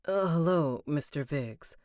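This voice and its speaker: A woman's voice: deep voice, measured pace, a little mellow, no room sound, clean studio sound. A woman voicing a snobby, nervous young man who leans on his charm, in an audiobook reading.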